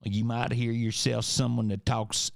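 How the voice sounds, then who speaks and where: A man's voice: mid-range voice, little pitch movement, vocal fry, dry recording, studio quality. A man putting on a thick backwoods Southern drawl. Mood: folksy drawl. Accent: exaggerated Deep South drawl. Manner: slow, drawling, folksy. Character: exaggerated backwoods Southern country man, folksy.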